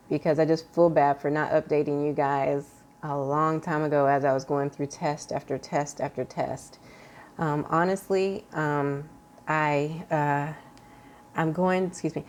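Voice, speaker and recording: A woman with a low-pitched voice speaks in an unscripted personal vlog. She talks in a halting way, with frequent fillers and restarts. Her tone is earnest and confiding as she addresses her viewers. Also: a little mellow. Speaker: vlogger sharing a health update.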